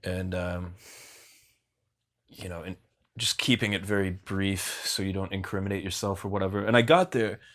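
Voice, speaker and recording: A man's voice: sits low, fairly even intonation, moderate pace, a bit bright. A young man, a guest on a podcast, telling a story in a rambling, profane way full of fillers. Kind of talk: casual storytelling in an interview.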